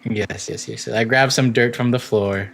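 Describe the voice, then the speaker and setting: A man's voice: mid-range voice, steady tone, unhurried, gravelly. A young man playing a tabletop game, laid-back, laughing often and slipping into his character's lines. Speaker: player. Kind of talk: casual tabletop play.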